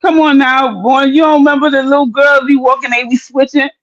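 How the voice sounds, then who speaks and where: A woman from New York chatting casually on a podcast, with slow, drawn-out, playful banter. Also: sits high, steady tone, dry recording, dull audio.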